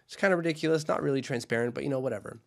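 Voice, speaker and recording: A man's voice: mid-range voice, very fast, creaky. Male co-host, mid-range voice, chatty, playful, casual sports chat. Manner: chatty, jokey, slips into goofy put-on voices. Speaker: podcast co-host.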